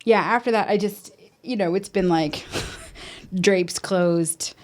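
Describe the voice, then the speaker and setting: A woman's mid-range, somewhat dark voice recounts a personal story frankly on a podcast where she's a guest. Her telling stumbles along with many restarts, and she voices her own self-talk in quotes.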